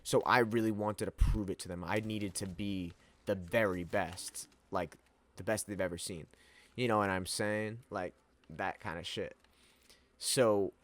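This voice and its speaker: Laid-back young man rambling with slang. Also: fairly low pitch. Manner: rambling, laughing, heavy slang and swearing. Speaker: vlogger. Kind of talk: casual storytelling to camera.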